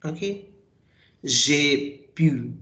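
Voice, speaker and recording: A man's voice: fairly high pitch, animated, very slow, sharp tone. A man teaching a French class, patiently repeating and spelling out words. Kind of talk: online language class. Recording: roomy echo.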